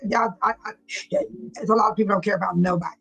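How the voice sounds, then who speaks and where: A woman's voice: mid-range voice, steady tone, rapid-fire, a bit bright, slightly rough, soft background music, rough recording. A woman hosting a livestream, reacting to clips with casual, emotional commentary and talking straight to her viewers. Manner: emotional, repeats herself, talks straight to viewers. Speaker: livestream host.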